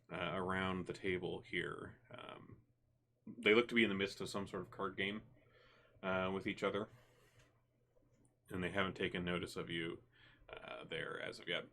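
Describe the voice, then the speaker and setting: A man narrating a tabletop game as game master, relaxed and full of fillers. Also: low voice, a little slow, pauses often. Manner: relaxed, many fillers and restarts.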